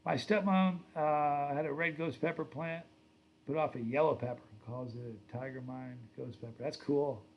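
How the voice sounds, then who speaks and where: A man's voice: a little high, steady tone, normal speed, dull audio, a little hiss or hum. A middle-aged man hosting a casual livestream, telling rambling stories and reading viewer comments aloud. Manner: storytelling, self-correcting. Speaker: livestream host.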